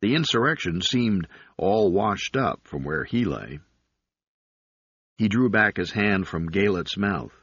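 A man narrating an audiobook in a steady, even reading. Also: low-pitched, takes it slowly, slightly rough, dry recording. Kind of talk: scripted narration. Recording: slightly dull recording.

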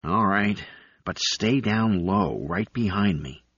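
A man's voice: on the low side, expressive, slow, fairly bright tone, husky, dry recording, heavily acted. Man voicing a weary, resigned fugitive. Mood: urgent. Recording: dull lo-fi recording.

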